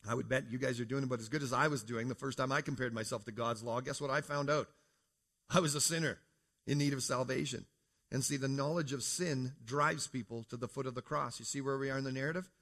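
In church, a Canadian man with a mid-range, slightly bright voice speaks a little fast in a steady tone. His creation apologetics talk is relaxed and conversational, with questions to the audience and frequent "folks".

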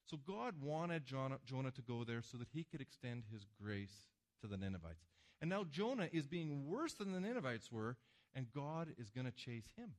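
A man preaching a sermon to a congregation, with emphatic swings between loud passages and hushed ones. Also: mid-range voice, very animated, normal speed. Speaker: pastor. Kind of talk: sermon with slides.

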